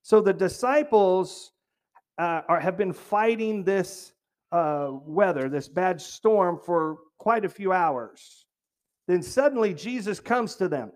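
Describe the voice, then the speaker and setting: Guy preaching with a pretty high voice, chatty, throws questions at the crowd. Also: lively intonation, slow pace. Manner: conversational, asks the congregation questions; jokey asides, restarts phrases. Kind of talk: sermon.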